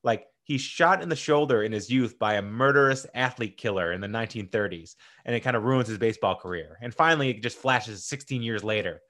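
A man hosting a casual movie countdown, talking in an excitable, gushing way with many fillers and restarts. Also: medium pitch, fairly quick, few pauses. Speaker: movie list host.

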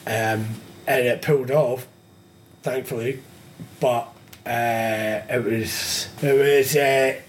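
A man's voice: medium pitch, fairly even intonation, slow, slight background noise. A young man in casual chat, swearing freely, laughing often and acting out phone calls. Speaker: metalwork business owner, guest.

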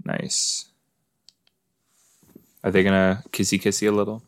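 Male podcast host, low voice, unhurried, rambling casual commentary. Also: monotone, smooth, no echo. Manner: rambling, chatty, talks to absent listeners. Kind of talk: casual watch-along commentary.

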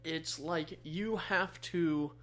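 A man's voice: on the high side, drawn-out words, a bit bright. A man co-hosting a casual podcast, talking in a chatty way. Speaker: podcast co-host. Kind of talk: casual chat.

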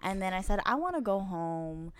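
A woman's voice: mid-range voice, moderate pace, clear, resonant tone, no echo. A young woman co-hosting a podcast, telling a story in casual chat and acting out the lines of the people in it. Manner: animated storyteller who acts out quoted dialogue. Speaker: podcast co-host.

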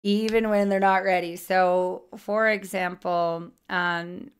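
Brief: woman psychic guest, smooth clear voice, animated storyteller. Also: on the low side, slow. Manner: lively storyteller, acts out quotes. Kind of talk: casual chat.

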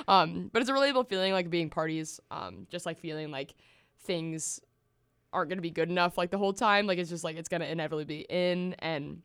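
A young woman from Tennessee chats casually as a podcast co-host, giggling often and leaning on "like" between phrases. Her voice sits fairly low for a woman. The sound is dry and close, with no room echo. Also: a little fast, fairly bright tone, clear, resonant tone. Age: young adult. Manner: giggly, lots of "like" fillers. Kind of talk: casual chat.

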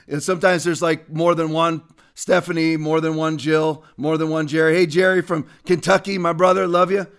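A man with a high-pitched voice hosts a livestream, speaking with fervor and heat. He greets his viewers by name in between emphatic points. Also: a bit bright. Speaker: livestream host. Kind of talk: religious political livestream talk.

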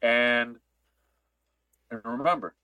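A man's voice: medium pitch, slow pace, sharp tone, smooth, no room sound, low-quality recording. A man co-hosting a podcast, ranting emphatically in heated political chat and repeating his points. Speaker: podcast co-host.

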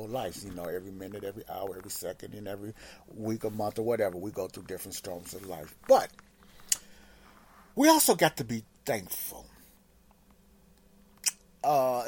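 A man's voice: on the low side, darkish tone, a little hiss or hum. A man hosting a faith encouragement segment in a casual, rambling devotional talk, filling his sentences with "you know.".

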